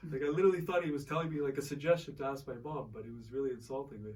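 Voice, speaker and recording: A young man co-hosting a podcast, telling animated stories and acting out the quotes. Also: medium pitch, very fast. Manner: animated storyteller, acts out quotes. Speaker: podcast co-host. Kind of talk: casual chat, storytelling. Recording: distant mic with faint noise.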